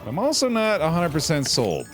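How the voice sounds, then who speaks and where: A young man chats through a card game on stream, his voice lively and bouncing around in pitch. He sounds relaxed and upbeat, cheering good hands. Faint game music runs behind him. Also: moderate pace. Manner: laid-back, chatty, calls chat dude and bud. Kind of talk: casual gameplay commentary.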